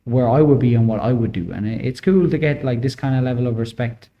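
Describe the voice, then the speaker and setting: A man's voice: medium pitch, fast, dull audio. A man in his twenties with an Irish accent, a boxing coach telling stories as a podcast guest, with many filler words. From Ireland. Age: 20s. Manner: storytelling, lots of "like" fillers. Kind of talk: casual interview chat.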